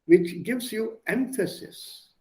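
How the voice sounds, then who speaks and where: A man teaching a German class on a video call, explaining grammar in an animated way. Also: high-pitched, slow pace. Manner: animated, explaining, switching between English and German. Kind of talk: online language lesson.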